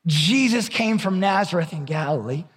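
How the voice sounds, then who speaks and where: A middle-aged male pastor preaches in a high, husky voice. He talks candidly and conversationally, restarting and repeating words as he goes. His voice rings with the long reverb of a large hall. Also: expressive, moderate pace, a bit bright. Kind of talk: sermon.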